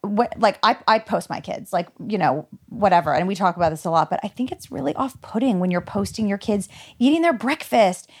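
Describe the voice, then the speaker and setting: Animated woman co-host with quick opinions. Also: mid-range voice, breathy edge. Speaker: podcast co-host. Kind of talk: casual chat.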